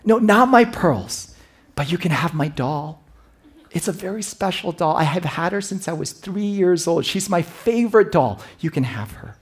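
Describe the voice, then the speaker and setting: An eager little girl pleads in a high, bright voice, as a preacher puts her on. The lines jump up and down in pitch, a bit husky at the edges. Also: animated, moderate pace. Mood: pleading, eager.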